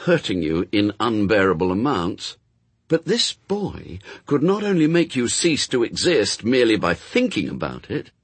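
Husky man narrating an audiobook. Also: mid-range voice, no room sound.

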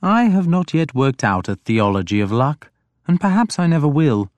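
A man's voice: fairly high pitch, big pitch swings, normal speed, no room sound. Man narrating an audiobook, dry close sound. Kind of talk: scripted first-person narration.

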